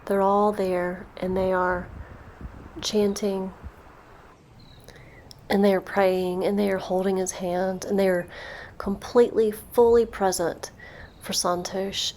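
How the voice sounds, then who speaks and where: A woman as a meditation guide, telling a storytelling meditation in a soft, slow, repetitive way. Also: mid-range voice, flat delivery, slight background noise.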